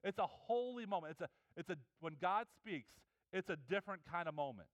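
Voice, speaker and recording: A man preaches a sermon in an earnest, conversational way, often restarting his sentences. His voice sits high and comes across smooth and resonant. The sound is dry and close. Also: expressive, fairly quick, no room sound. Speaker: pastor.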